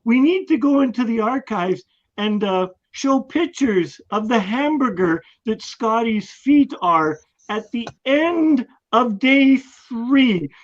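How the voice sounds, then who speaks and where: A man's voice: very high voice, animated, takes it slowly, lo-fi sound. A man co-hosting a talk show, casual, playful and teasing toward his guest. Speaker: co-host.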